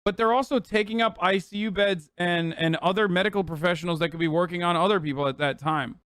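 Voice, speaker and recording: A man's voice: high voice, fairly even intonation, fast talker, fairly bright tone, clean tone, no room sound, clean studio sound. A man streaming live, reacting to clips with a heated, profane rant.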